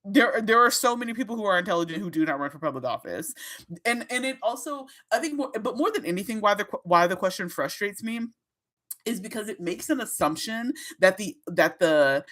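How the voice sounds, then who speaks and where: A woman hosting her own livestream, talking straight to her chat in a casual, animated way, laughing often and swearing freely. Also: mid-range voice, brisk. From Minnesota. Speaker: livestream host.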